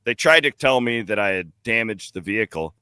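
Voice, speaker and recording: A man with a fairly low, bright, forceful voice tells his travel stories in lively, casual podcast chat. He laughs along with his own tales. The sound is dry and close. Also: fairly quick, clean tone, no echo. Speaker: podcast co-host. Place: airport bar.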